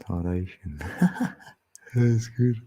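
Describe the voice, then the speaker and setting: A man's voice: deep voice, lively intonation, drawn-out words, mellow, slightly rough. A man with a Cockney accent from East London, chatting casually on a livestream, reading chat and chuckling. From England. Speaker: livestream host.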